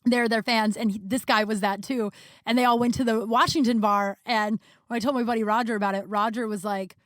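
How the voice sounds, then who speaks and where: A young woman hosts a podcast and rambles through funny personal stories, full of fillers and swearing. Her voice sits fairly high. The recording is close and dry, with no room sound. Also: fairly even intonation, brisk, a bit bright, no room sound. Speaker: podcast host. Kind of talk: casual storytelling monologue.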